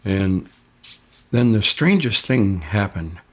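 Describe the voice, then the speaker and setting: Recounting his own experience for an interview, this older man speaks slowly in a lowish voice with lively intonation. The story is casual and first-person, and he raises his voice sharply each time he quotes someone else.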